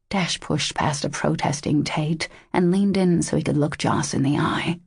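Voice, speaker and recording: A woman narrating a romance audiobook in a measured, intimate way. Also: low voice, gravelly, a little mellow, slightly rough, no room sound, studio quality.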